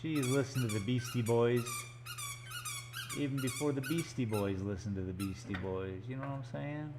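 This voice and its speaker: A man's voice: medium pitch, normal speed, a little mellow, a little hiss or hum. Chatty man painting on a live stream. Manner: chatty, joking, rambling asides. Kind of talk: casual live-stream chat. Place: art gallery studio, indoors.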